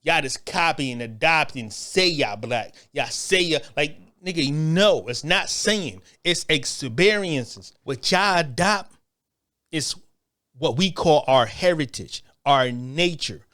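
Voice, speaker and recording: Casual male commentator, a bit high-pitched, blunt and profane, hammers his points by repeating them. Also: animated, slow pace, sharp tone. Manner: blunt, profane, repetitive, emphatic. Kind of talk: casual opinion rant.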